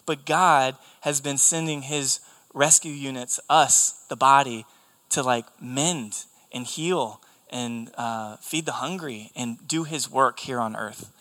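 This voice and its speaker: Young male preacher, earnest and emphatic; bright, forceful tone. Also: medium pitch, slow. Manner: earnest, emphatic, repeats key phrases. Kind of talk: sermon.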